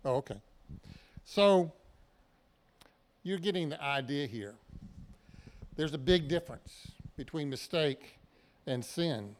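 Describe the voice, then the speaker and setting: High, clear-voiced male preacher. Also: animated, takes it slowly, long pauses. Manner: conversational, plain everyday examples. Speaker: pastor. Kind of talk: sermon. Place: church.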